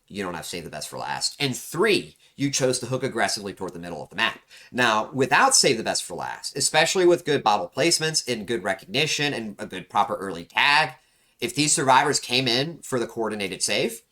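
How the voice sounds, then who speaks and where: A man's voice: medium pitch, sing-song, fairly quick, sharp tone. A young man coaching a player through a match replay, instructive and emphatic, often repeating key words for stress. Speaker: game coach reviewing a match. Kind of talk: analytical gameplay commentary.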